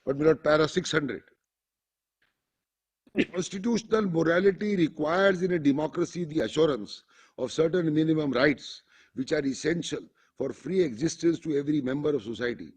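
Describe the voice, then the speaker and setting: A man with an Indian English accent makes a formal courtroom argument, calling the judges "my lord" almost constantly and reading passages aloud from a judgment. His voice is a little high and a little mellow, with a breathy edge and a moderate pace.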